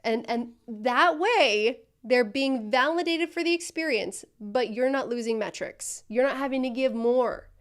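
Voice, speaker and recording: A woman's voice: on the high side, measured pace, hardly any pauses. A woman coaching a student through customer service role-play, speaking directly and encouragingly.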